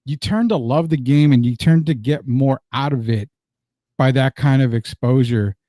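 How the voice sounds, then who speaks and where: A man talks sports in an easygoing, rambling way, padding his thoughts with fillers as he goes. His voice is warm and mellow at a middling pitch. The sound is dry and close, with no room around it. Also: moderate pace, no room sound. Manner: rambling, reminiscing, many "you know" fillers. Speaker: sports talk show host. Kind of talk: casual sports talk.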